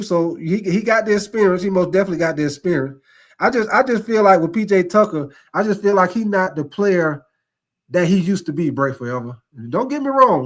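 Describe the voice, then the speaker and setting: A man hosting a casual sports live stream, chatting loosely, laughing and thanking viewers by name. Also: high-pitched. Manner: laid-back, laughs often, repeats "most definitely, man".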